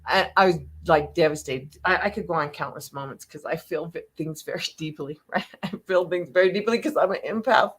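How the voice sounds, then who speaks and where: An older woman hosting a live motivational talk, telling stories in an animated, emotional way and laughing often. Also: low-pitched, a little fast, hardly any pauses, breathy edge. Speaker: host.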